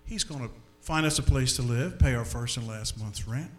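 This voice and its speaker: Animated man telling a church testimony. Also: medium pitch, normal speed. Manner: animated, repeats words while telling the story. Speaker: speaker giving a personal testimony.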